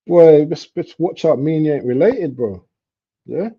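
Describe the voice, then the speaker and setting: A young man chatting casually while he streams a football match live. He talks in street slang and breaks into excited outbursts at near misses. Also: a little high, normal speed, husky. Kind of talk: casual live commentary chat. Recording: dull lo-fi stream audio.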